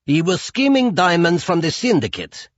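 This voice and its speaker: A man voicing a volatile, overweight Russian mobster who shouts and pleads. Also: high voice, big pitch swings, normal speed, dry recording, highs cut off, voice pushed up. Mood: angry. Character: volatile middle-aged Russian mobster, overweight, hot-tempered.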